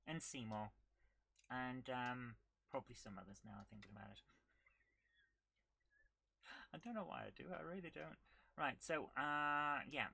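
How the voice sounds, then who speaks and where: A woman talks her way through a retro game on a live stream, thinking aloud and chatting to her viewers between moves. Her voice is bright and forward, with a keen edge to it, and she breaks into little hums and sound effects as she goes. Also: extremely low pitch, normal speed, gravelly, a little hiss or hum. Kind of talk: live gameplay commentary.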